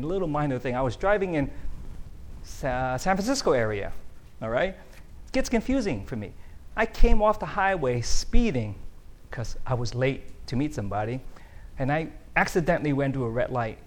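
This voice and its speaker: A middle-aged man, preaching a conversational sermon that keeps checking in with the audience. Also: fairly high pitch. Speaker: pastor.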